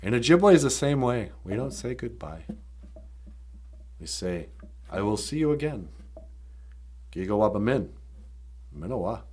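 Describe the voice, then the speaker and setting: A man voicing a calm, wise older tribal man who speaks gently and reassuringly. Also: lowish voice, unhurried, long pauses, slight background noise.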